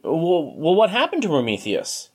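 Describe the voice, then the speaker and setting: Nervous young farmer's son, stammers, hesitant, voiced by a man, animated pitch. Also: moderate pace, breathy edge, exaggerated voice. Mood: curious.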